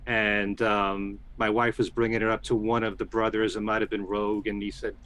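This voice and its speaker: A man's voice: on the low side, flat delivery, moderate pace, a bit bright. Easygoing man sharing an anecdote. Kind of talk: casual chat.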